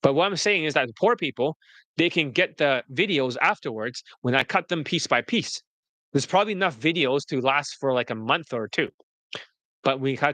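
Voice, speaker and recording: A man coaching on dating, talking bluntly and directly on a livestream and slipping into a polished sales-pitch delivery. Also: sharp tone, dry recording. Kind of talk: livestream talk mixing sales pitch and casual chat.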